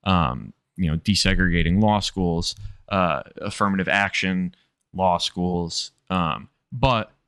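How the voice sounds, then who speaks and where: A man's voice: low-pitched, slow pace, a bit bright, clean tone, dry recording, studio quality. A man with a nasal voice, rambling through casual live-stream commentary, cutting himself off and swearing freely. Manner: rambling, self-interrupting, sprinkled with profanity.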